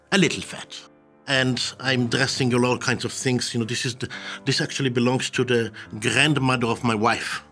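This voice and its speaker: A man from Israel, a journalist and writer telling stories in an animated, theatrical way, repeating words as he goes. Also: mid-range voice. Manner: theatrical, acts out quoted voices, repeats himself. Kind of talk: animated storytelling talk.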